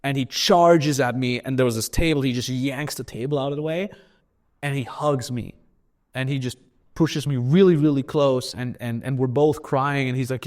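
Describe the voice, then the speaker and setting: A man's voice: mid-range voice, moderate pace, a little mellow. A man from Austria, a podcast guest telling stories candidly in conversation, blunt and profane with frequent repetitions.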